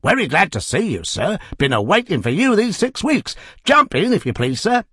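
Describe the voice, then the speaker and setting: A man reading a storybook, voicing pushy working-class cab drivers hawking their rides in a loud, bantering way. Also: high-pitched, sing-song, normal speed, husky, no echo, studio quality, pitched above the performer's own voice, full character voice.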